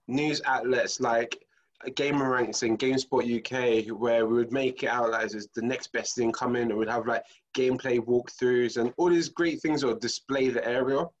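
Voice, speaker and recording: A male student pitching a campaign idea on a video call, hesitant and searching for words. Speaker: student presenter. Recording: muffled lo-fi audio.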